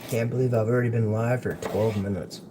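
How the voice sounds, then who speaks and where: A young man hosts a casual cooking livestream from his home kitchen, chatting in a jokey, rambling way while he works. His voice is on the low side and steady in tone, a little fast, and the stream audio is noisy.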